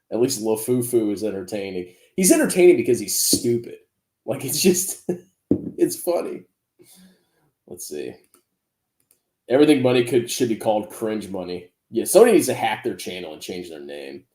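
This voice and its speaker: A man's voice: fairly low pitch, darkish tone. A man in his thirties giving sarcastic reaction commentary as a finance YouTuber, mocking his rivals and laughing often. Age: 30s.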